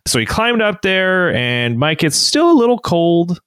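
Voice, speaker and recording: Animated man telling a casual story. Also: high-pitched, measured pace, clear, resonant tone, dry recording, studio quality. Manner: animated storyteller, laughs often. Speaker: podcast co-host. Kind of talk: casual chat.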